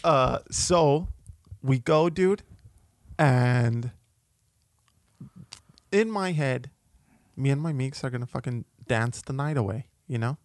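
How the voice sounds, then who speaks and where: A man's voice: medium pitch, takes it slowly, pauses often, no room sound. A man co-hosting a comedy podcast, telling a story in a loose and profane way into a close mic. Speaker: podcast co-host.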